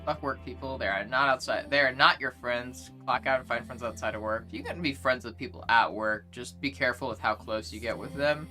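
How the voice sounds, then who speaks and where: A woman's voice: rumbling low, a little fast, few pauses, bright, forceful tone, soft background music. A young woman streamer ranting in a rambling, profane, exasperated way as she chats and reads her chat. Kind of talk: casual livestream rant, reading chat.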